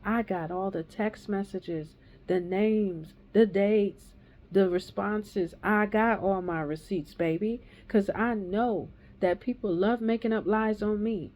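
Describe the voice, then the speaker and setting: A woman's voice: mid-range voice, takes it slowly, darkish tone. A woman in her thirties or forties giving a raw, angry personal testimony, ranting and swearing heavily. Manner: heated, profane ranting. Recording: dull lo-fi recording.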